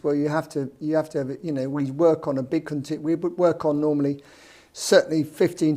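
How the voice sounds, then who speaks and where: A man's voice: on the high side, warm tone. A British man in property development chatting casually on a podcast, blunt and anecdotal with wry asides.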